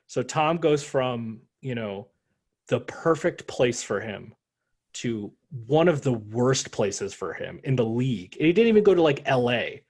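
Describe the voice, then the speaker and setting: Animated man ranting about sports. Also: medium pitch, measured pace, husky. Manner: animated, profane, joking rants. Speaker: podcast co-host. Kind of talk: casual sports chat.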